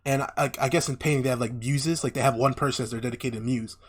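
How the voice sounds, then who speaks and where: Animated storytelling podcast guy. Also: mid-range voice, fast, breathy edge. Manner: animated storyteller acting out characters' lines, heavy swearing. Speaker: podcast co-host. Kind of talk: casual chat, retelling a story.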